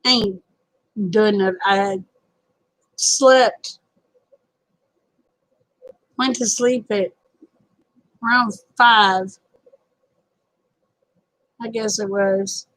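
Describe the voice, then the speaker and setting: Raspy, twangy woman, tired. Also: mid-range voice, fairly even intonation, extremely slow, pauses often, fairly bright tone, dry recording, low-quality recording. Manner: folksy, rambling, self-deprecating. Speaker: livestream host. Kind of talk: casual livestream chat with viewers. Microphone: phone camera close up.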